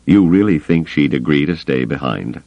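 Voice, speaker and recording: Calm young jedi guy as a deep-voiced narrator puts him on, steady and reasoning, dry slightly muffled recording. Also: normal speed, dry recording, full character voice. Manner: calm, reasoning, quietly confident. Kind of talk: audiobook character voice.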